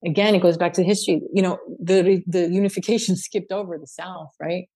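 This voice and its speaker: A woman from the United States, a guest singer, telling stories in lively, casual podcast talk. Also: lowish voice, fairly quick, slightly rough. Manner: lively storyteller, laughs easily.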